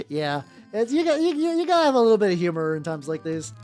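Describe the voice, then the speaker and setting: A male VTuber streamer with a high voice and darkish tone chats casually while painting miniatures, faint music playing in the background. He rambles, swears freely and frequently restarts his sentences.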